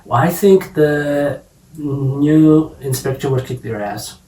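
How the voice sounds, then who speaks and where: A man's voice: fairly high pitch, slow, warm tone. A man co-hosting a podcast in a casual book discussion, asking questions and talking with many fillers and restarts. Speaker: podcast co-host. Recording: roomy, distant mic with faint ambience.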